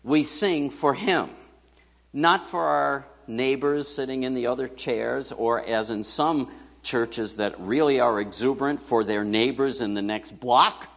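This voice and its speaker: A man's voice: medium pitch, a little slow, gravelly, fairly bright tone. A man preaching a sermon as pastor, chatty and joking, putting questions to the congregation. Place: church hall. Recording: church hall reverb.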